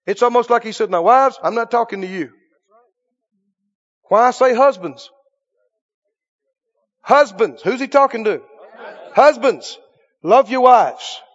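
A man's voice: very high voice, in a large hall, muffled recording. A male pastor delivering a sermon, preaching emphatically and checking in with the congregation through repeated questions. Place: church sanctuary.

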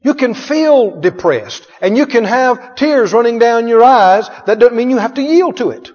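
A man's voice: extremely high pitch, animated, moderate pace, darkish tone. A male pastor preaching with emphatic call-and-response and frequent chuckles. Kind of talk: sermon. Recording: echoey hall, dull sound.

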